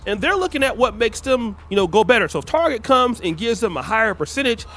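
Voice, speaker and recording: A man speaking in a measured, explanatory way about culture and marketing. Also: sits high, sing-song, sharp tone.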